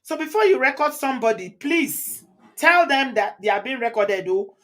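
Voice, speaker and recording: A Nigerian woman with a Nigerian accent hosts a live commentary on her channel, her voice sitting high and a bit bright, with lively intonation and a moderate pace. She reads viewer comments aloud, chats freely, laughs often and switches into Pidgin and Yoruba.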